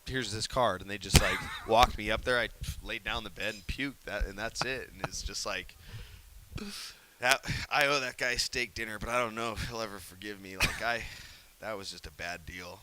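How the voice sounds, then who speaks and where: A man recounting a story in a casual interview, his voice bright and forward. He is animated and laughs often, dropping into hushed whispers when he acts out what he said. A faint hiss sits under the recording. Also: on the low side, moderate pace.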